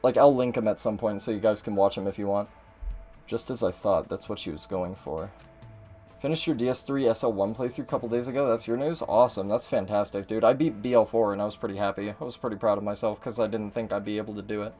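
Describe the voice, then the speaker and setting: Guy streaming a game, chatty and sweary, lowish voice, faint music behind. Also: steady tone, quick pace, hardly any pauses, warm tone. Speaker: gameplay streamer. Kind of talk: casual gameplay commentary.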